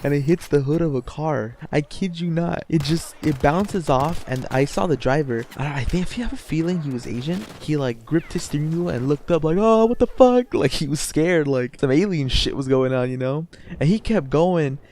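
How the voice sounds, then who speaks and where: A man's voice: a little high, moderate pace, darkish tone, a little hiss or hum. A young man telling a story in a casual vlog, rambling and swearing, with lots of "you know" and "like" as he goes. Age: young adult. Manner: rambling and profane, full of "you know" and "like", laughing as he tells. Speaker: YouTuber.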